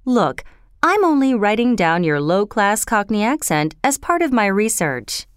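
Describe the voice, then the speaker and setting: Superior male speech professor, read by a woman, brisk and lively, crisp. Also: mid-range voice, no echo, clean studio sound. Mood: scolding. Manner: brisk, condescending.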